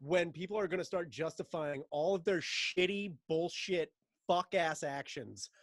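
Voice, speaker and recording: High-voiced ranting man, dry sound. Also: a little slow, dry recording. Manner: ranting, mocking, swears often, laughs mid-sentence. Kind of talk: casual profane chat.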